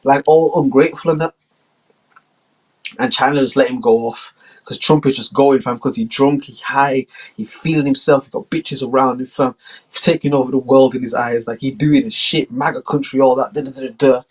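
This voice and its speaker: A man's voice: mid-range voice, fairly even intonation, brisk, slightly rough, poor audio. A man hosting a podcast, telling a story in a loose, slangy, rambling way. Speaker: podcast host. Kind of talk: casual storytelling.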